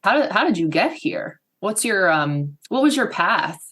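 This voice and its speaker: A woman's voice: mid-range voice, sing-song, normal speed, a bit bright. A woman co-hosting a podcast, chatting casually and thoughtfully and asking open questions. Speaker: podcast co-host. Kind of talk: casual interview chat.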